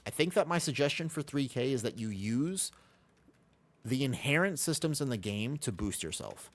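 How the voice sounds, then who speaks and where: A man's voice: medium pitch, lively intonation, normal speed. An American man from Los Angeles, chatting casually on a live game stream, reading out and answering viewer questions. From Los Angeles, USA.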